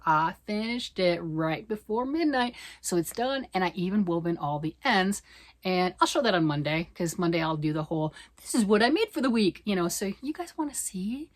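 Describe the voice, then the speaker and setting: Fast-talking husky middle-aged woman. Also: lowish voice. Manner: fast, excited, rambling with tangents. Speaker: knitting vlogger. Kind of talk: casual chat.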